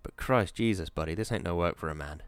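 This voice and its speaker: A man's voice: deep voice, quick pace, smooth, no echo, voice pushed down, natural voice. A man voicing a fearful, complaining middle-aged mill worker, plaintive and pleading. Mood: doleful.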